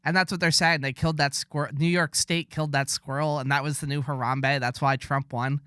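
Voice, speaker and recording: Rambling sarcastic podcast host, dry sound. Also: male voice, fairly high pitch, level tone, fairly quick, pushed and bright, smooth, no echo. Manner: rambling, sarcastic, mock-boastful. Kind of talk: casual podcast banter.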